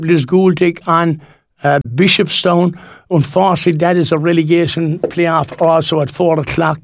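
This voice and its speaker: A man's voice: on the high side, no echo, studio quality. A Cork Irish man in his sixties presenting local radio in a rambling, folksy chat full of fillers and restarts. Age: 60s.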